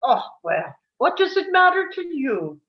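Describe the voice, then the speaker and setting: A woman's voice: high-pitched, sing-song, measured pace, muffled recording. Woman reading a jealous, tormented composer. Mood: cool. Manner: brooding, confessional. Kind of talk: table-read acting.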